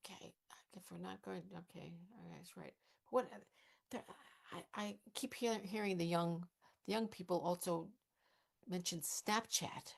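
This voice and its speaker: A woman plays a dry, hesitant older activist with a low, gravelly voice. She weighs each idea with mild skepticism in a live improv scene, trailing off as she thinks. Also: a little slow, exaggerated voice. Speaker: improv performer.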